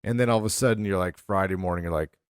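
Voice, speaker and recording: Racing along in a fairly low, clear, resonant voice, a middle-aged podcast co-host tells rambling, animated stories full of fillers in casual chat. The sound is clean studio audio without echo.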